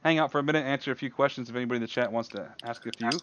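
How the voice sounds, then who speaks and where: A man hosting a let's play stream, chatty and quick to laugh. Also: medium pitch, fairly bright tone, dull audio, a little hiss or hum. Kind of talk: casual stream chat while playing.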